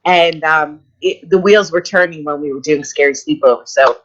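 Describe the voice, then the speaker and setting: A woman in her fifties, an actress guest telling excited stories in a casual interview. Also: low voice, moderate pace. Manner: excited, gushing storyteller. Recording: slightly muffled audio.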